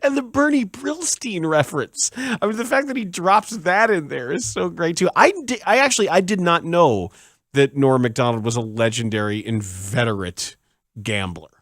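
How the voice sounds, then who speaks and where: Lively sports radio host, jokey and animated. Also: male voice, fairly high pitch, normal speed, no room sound, clean studio sound. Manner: animated, jokey, rising to shouts of disbelief.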